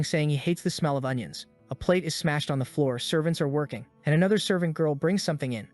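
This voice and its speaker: A man casually retelling a comic story as a recap narrator, chatty and breezy, slipping into the characters' lines as he goes. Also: a little high.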